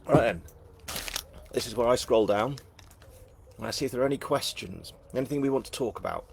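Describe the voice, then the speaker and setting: There's slight background noise as a middle-aged Northern English man reads comments aloud at his live book launch. His mid-range voice has lively intonation, vocal fry, and a little mellowness, and he talks fairly quickly while joking at his own expense.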